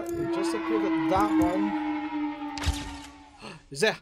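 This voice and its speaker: A man's voice: very high-pitched, lively intonation, slow, pauses often, over loud music. A man commentating his horror game playthrough, jumpy and self-mocking, talking to himself as he plays. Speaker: gaming let's-play creator. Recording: loud game noise and sirens behind the voice. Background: loud game sound with sirens.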